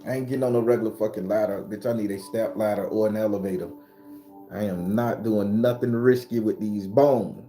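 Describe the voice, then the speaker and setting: A man in his forties hosts his spiritual channel with a casual, profane motivational talk, frequently rising to a high, excited pitch. He speaks briskly over faint background music.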